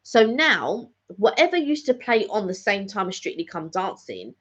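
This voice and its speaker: A woman's voice: medium pitch, very animated, moderate pace. A middle-aged woman, chatting casually and rambling in a live catch-up vlog, often repeating phrases. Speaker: vlogger hosting a live catch-up. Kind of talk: casual chat. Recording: dull lo-fi recording.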